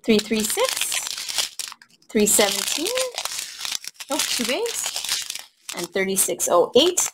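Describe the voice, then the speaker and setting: A woman vlogger chatting casually while unboxing crafts, reading drill numbers slowly and gushing softly over the colors. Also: medium pitch, sing-song, heavy background noise. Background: crinkling bags and clicks.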